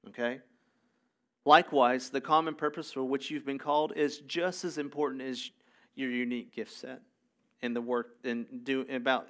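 A man's voice: medium pitch, a bit bright. A man preaching a sermon in a conversational way, reading scripture aloud and adding casual asides. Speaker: pastor.

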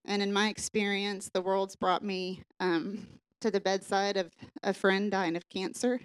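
A woman's voice: medium pitch, level tone, unhurried, clean tone, poor audio. A woman from the congregation giving an earnest personal testimony at a church service.

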